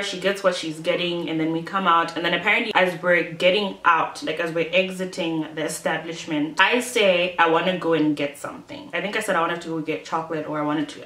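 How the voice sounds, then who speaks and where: A young woman from Malawi telling a storytime vlog, animated and chatty, talking to her viewers and acting out what people said in a higher voice. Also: reverberant, a little hiss or hum. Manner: animated, many asides to viewers, acts out quotes in a higher voice. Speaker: YouTuber.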